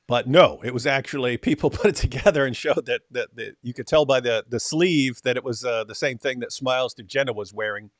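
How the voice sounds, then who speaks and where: A man hosting a casual livestream chat, sarcastic and mocking, often trailing off quietly at the ends of lines. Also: mid-range voice, a little fast, hardly any pauses, no room sound, studio quality. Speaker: host.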